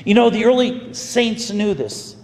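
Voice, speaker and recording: High-voiced storytelling priest in echoey hall. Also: male voice, measured pace. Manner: animated, folksy storytelling with rising bursts. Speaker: pastor. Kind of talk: storytelling sermon. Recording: echoey hall with faint ambience.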